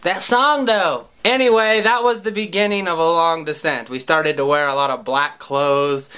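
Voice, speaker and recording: A man's voice: on the high side, normal speed, pushed and bright, clean tone. A man around thirty, a musician, telling a comic personal story in a wry, profane, self-mocking way. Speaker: musician and vlogger.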